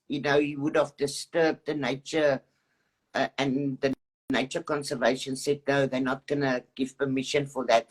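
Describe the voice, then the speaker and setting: A woman with a low voice asks her questions in a halting, nervous way and fills pauses with "um." She sounds friendly and eager on a video call. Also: husky. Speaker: interviewer. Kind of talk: casual interview.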